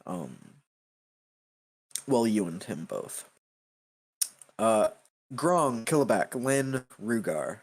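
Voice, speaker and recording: A man serves as game master, narrating a tabletop game at an unhurried crawl. His voice sits on the low side, and he leans on frequent ums and uhs. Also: sing-song, husky. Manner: slow, halting narration with many fillers.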